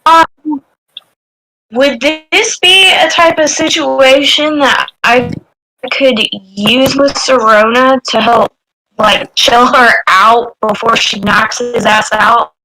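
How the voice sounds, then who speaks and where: Hesitant, slow-spoken woman player. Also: a little high, fairly even intonation, bright, forceful tone, low-quality recording. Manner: hesitant, tentative. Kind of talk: casual tabletop play.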